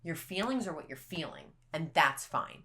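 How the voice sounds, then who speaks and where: Low, bright-voiced young woman telling a story. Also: animated, moderate pace. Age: young adult. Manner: vivid, blunt storytelling with swearing. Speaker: podcast guest. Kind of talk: casual chat and storytelling.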